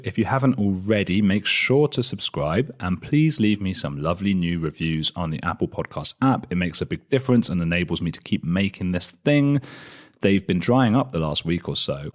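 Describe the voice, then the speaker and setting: Deep-voiced man hosting a podcast. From England. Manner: chatty, self-mocking, with fillers. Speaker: podcast host. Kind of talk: casual chat and spoken intro.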